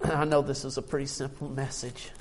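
A man's voice: mid-range voice, flat delivery, brisk, background noise. An older man preaching a sermon, emotional and tired, reading scripture aloud with rising emphasis. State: tired from little sleep.

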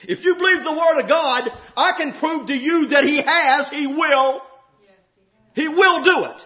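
A man preaching a sermon, impassioned and shouting at times, drawing out emphatic phrases. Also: very high-pitched, measured pace. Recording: echoey, dull hall recording.

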